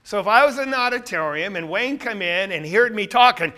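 Man, high bright voice, emphatic bible teaching, loud to hushed. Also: a little fast. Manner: animated, emphatic, swings from loud to quiet. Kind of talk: sermon-style Bible teaching.

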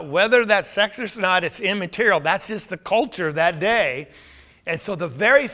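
High, bright-voiced male Bible teacher. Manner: conversational, with rhetorical questions.

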